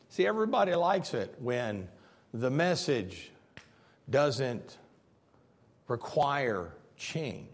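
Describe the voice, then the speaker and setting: A man preaching a sermon as pastor in a church. He is earnest and restarts his phrases often. His delivery swings from loud emphasis to hushed intensity. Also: mid-range voice, big pitch swings, takes it slowly, long pauses, husky.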